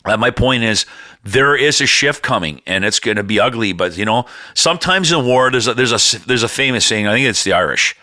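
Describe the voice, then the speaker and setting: A man's voice: mid-range voice, lively intonation, brisk, sharp tone, dry recording, studio quality. A man co-hosting a podcast, talking in a rambling, loose way, swearing freely and drifting off into humming. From Canada. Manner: rambling, swearing, hums and breaks into bits of song. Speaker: podcast co-host. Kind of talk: rambling casual chat.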